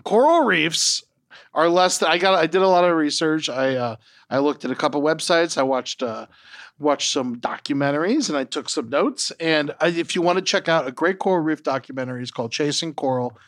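A young man co-hosting a podcast in casual chat, rambling, joking and dropping the odd swear word. His voice sits a little high, and it is recorded close and dry. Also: a little fast, fairly bright tone, dry recording. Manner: rambling, profane, jokey. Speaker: podcast co-host.

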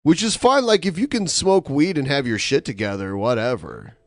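A man's voice: medium pitch, expressive, normal speed, no echo. A man co-hosting a podcast, chatting loosely and telling anecdotes. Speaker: podcast co-host. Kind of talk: casual chat.

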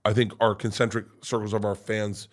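A man's voice: on the low side, little pitch movement, a little fast. Rambling, profane man telling stories. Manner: rambling, profane, stumbling restarts. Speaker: guest comedian. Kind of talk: casual storytelling chat.

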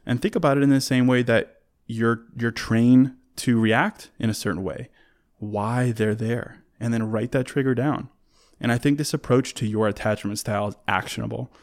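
Gravelly-voiced man giving relationship advice. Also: mid-range voice, steady tone, normal speed. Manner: conversational and earnest, restarts words, lists points. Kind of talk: solo advice talk.

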